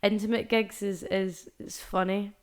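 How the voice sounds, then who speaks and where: A woman's voice: mid-range voice, level tone, measured pace. A young adult woman with a Scottish accent, a musician chatting casually as a podcast guest, rambling with many fillers and restarts. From Scotland.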